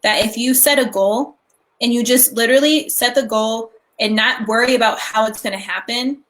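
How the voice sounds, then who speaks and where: Young woman, co-host, casual chat, gushing, lots of fillers, higher pitch. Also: normal speed. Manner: excitable and gushing, many "like" fillers. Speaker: co-host of a live stream.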